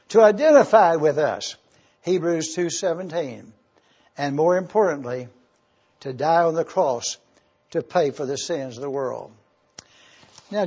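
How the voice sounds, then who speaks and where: An older pastor preaches with emphatic swells and keeps asking the congregation questions. His husky voice sits high for a man, and the recording is dull and lo-fi. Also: darkish tone. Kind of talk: sermon. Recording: dull lo-fi sound.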